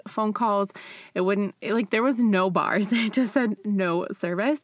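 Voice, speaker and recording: A woman's voice: mid-range voice, dry recording. Young woman, podcast host, candid chatty delivery, laughs often, dry close sound. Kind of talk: casual solo podcast monologue.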